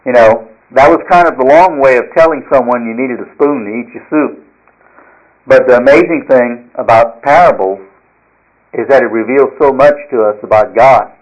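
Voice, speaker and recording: A man's voice: mid-range voice, moderate pace, dull audio. A man teaching a morning Bible class, reading scripture aloud and then explaining it in a folksy, conversational way with fillers and restarts. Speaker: Sunday school teacher.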